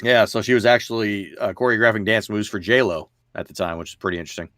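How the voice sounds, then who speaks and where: A man's voice: on the low side, steady tone, fast talker, fairly bright tone, no echo. Male podcast co-host, blunt and jokey, with a dry, close sound. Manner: blunt, joking, emphatic. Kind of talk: casual movie review chat.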